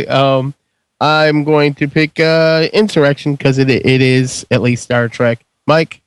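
A man's voice: medium pitch, fairly even intonation, takes it slowly, clear, resonant tone, no room sound. A man hosting a podcast, calling on panelists and tallying their votes. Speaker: podcast host. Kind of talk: moderating a vote.

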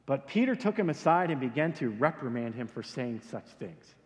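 A male pastor preaching a sermon in a casual, animated storytelling way, with slangy asides. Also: medium pitch, normal speed. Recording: long hall reverb.

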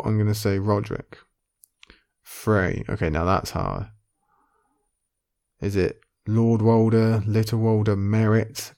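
Gravelly low-voiced man musing over a quiz. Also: warm tone. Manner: muttering guesses half to himself, then committing. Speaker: video creator playing an online quiz. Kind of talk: casual thinking-aloud commentary.

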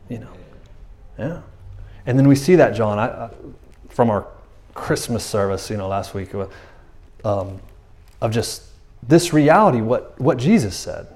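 A man delivering a sermon in a loose, conversational way, with a voice of middling pitch. He keeps turning to the listeners with asides. He slips into quick acted-out voices when he quotes someone. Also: lively intonation, darkish tone. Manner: casual, conversational preaching with many asides. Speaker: pastor.

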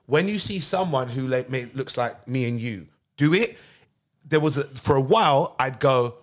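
London man telling stories in animated chat. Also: mid-range voice, normal speed. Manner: animated storytelling with slang like bruv. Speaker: podcast host. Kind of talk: casual chat.

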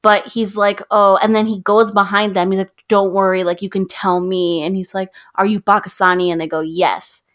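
A woman's voice: mid-range voice, moderate pace, hardly any pauses. A woman chatting casually with friends, retelling a film's plot and acting out the characters' lines. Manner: animated storyteller, acts out characters' lines.

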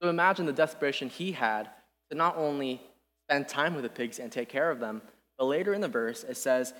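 A young man giving an earnest, casual sermon, animated and full of restarts. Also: mid-range voice, fairly quick. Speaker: preacher. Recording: long reverb in a hall.

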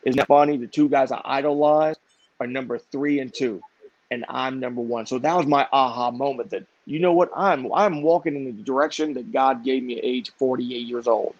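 A middle-aged man telling a story in lively conversation, acting out the voices of the people in it. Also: mid-range voice, brisk, no room sound. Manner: animated, acts out quoted voices. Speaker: podcast guest. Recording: dull, dry, lo-fi sound.

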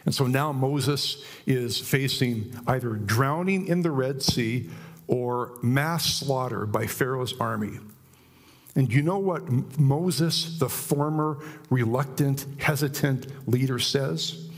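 A middle-aged man preaching a sermon in church, emphatic and animated, often asking the congregation questions. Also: mid-range voice, slow pace.

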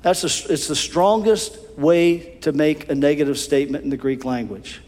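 Pastor preaching in an echoing hall. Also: male voice, on the high side, moderate pace. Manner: animated storytelling, repeats words. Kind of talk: sermon. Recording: long hall reverb.

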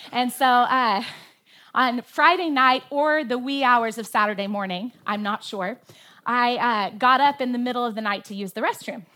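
A woman's voice: mid-range voice, pushed and bright. A woman pastor delivering a sermon from a church stage, telling a story with animation and stressing her points with emphasis.

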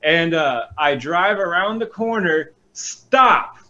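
A man telling a personal story in a casual, animated way, acting out the voices in it. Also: mid-range voice, moderate pace, muffled recording. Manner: animated, acts out quotes.

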